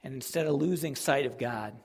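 A male pastor preaching a sermon, emotive, swinging between loud emphasis and quiet, with sighs. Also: mid-range voice, fairly quick, creaky, husky, in a large hall.

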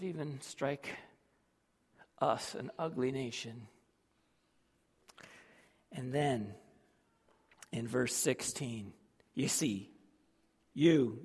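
A man preaching a sermon as a pastor, swinging dramatically from hushed tones to loud outbursts. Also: mid-range voice, creaky, breathy edge. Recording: long reverb of a large hall.

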